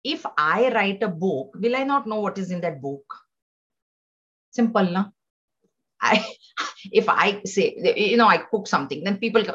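A woman teaching scripture to a class, patiently explaining, repeating phrases and chanting some of them slowly. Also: mid-range voice, sing-song, fairly bright tone, breathy edge. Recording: dull lo-fi sound.

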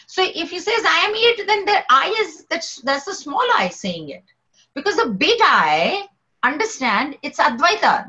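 Woman teaching a group, fairly high voice, animated and repeating herself, dull lo-fi sound. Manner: animated, questioning, repeats phrases to make a point. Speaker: spiritual teacher. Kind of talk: teaching philosophy in a group class.

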